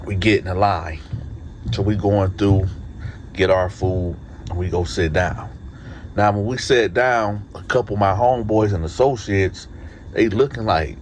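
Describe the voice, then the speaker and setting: Male storyteller, fairly low voice, faint background hiss, animated and conversational. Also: measured pace. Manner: animated, conversational, leans on tag questions. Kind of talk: casual spoken storytelling.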